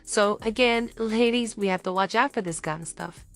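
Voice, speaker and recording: A woman's voice: medium pitch, normal speed, no room sound, faint music behind. A young woman co-hosting a podcast, chatting casually and acting out little dating scenes as she talks. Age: young adult. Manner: animated, acts out little scenes. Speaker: podcast co-host.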